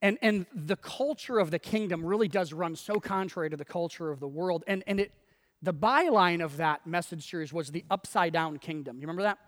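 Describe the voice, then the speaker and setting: A man preaching a sermon as a pastor, animated and often repeating words as he starts a phrase. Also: fairly high pitch, fairly quick, big-room sound.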